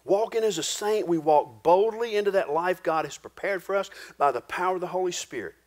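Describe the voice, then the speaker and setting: A male pastor preaching a sermon in a folksy, homespun way, dropping low and quiet for solemn points. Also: fairly quick. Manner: folksy, homespun preaching with rural turns of phrase.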